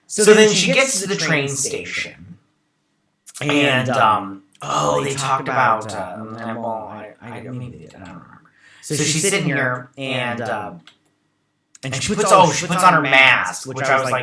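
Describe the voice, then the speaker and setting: A man's voice: medium pitch, animated, moderate pace, echoey room, crowd noise. A man hosting a casual episode recap, rambling with lots of fillers and restarts. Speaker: show host.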